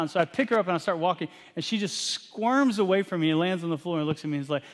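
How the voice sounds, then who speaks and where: A man in his thirties from Texas, a pastor preaching a sermon and telling an animated, self-deprecating family story. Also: high-pitched, quick pace, a little hiss or hum. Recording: long hall reverb.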